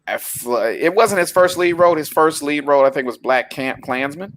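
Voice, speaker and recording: A man's voice: fairly high pitch, normal speed, a bit bright, slight background noise. A man co-hosting a casual chat about films and shows, teasing and rambling through asides. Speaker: podcast co-host.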